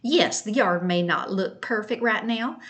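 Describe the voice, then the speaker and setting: A woman's voice: medium pitch, a little slow, fairly bright tone, close to an everyday voice. Brief: a woman doing a passive-aggressive sister-in-law, raised and snippy, lecturing down at the listener. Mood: indignant. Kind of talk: mocking read-aloud of a message.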